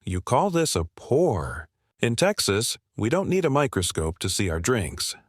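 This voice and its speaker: A man's voice: mid-range voice, very animated, unhurried, no room sound, studio quality. A man voicing a brash, rude diner. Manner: brash, mocking, complaining. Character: loud rude middle-aged male Texan diner.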